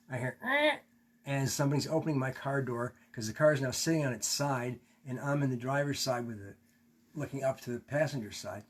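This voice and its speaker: A man teaching a class, telling a personal story candidly, swearing and acting out what he said back then. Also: mid-range voice. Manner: candid, swearing, acts out his own quotes. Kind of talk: storytelling in a lecture.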